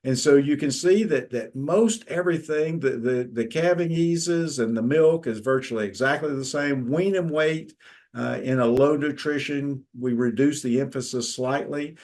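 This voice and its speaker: A man's voice: medium pitch, a little mellow. A middle-aged man, giving a conversational lecture from slides, with frequent fillers and restarts. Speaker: extension lecturer.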